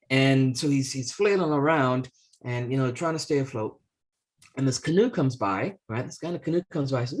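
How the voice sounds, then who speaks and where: A man co-hosting a talk show, telling a story in a casual, halting way, full of restarts, and acting out the people in it. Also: mid-range voice, expressive. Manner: halting, many restarts and fillers, acts out the voices in his story. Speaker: podcast co-host.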